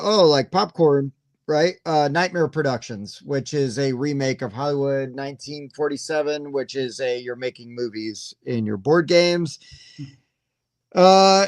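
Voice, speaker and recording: A man chatting casually on a live show, lively and joking with quick asides. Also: fairly high pitch, no room sound, clean studio sound. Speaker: panelist on a live whiskey and board game show. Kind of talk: casual chat.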